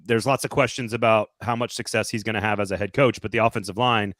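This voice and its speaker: A man's voice: on the low side, steady tone, quick pace, fairly bright tone, dry recording, clean studio sound. A man hosting a sports podcast, asking long, rambling questions in a casual tone. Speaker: podcast host.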